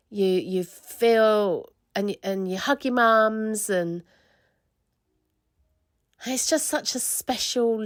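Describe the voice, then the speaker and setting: A woman's voice: fairly low pitch, no echo, studio quality. A middle-aged woman hosting a casual solo podcast, gushing and emotional, rambling with many restarts. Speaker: podcast host and spiritual coach.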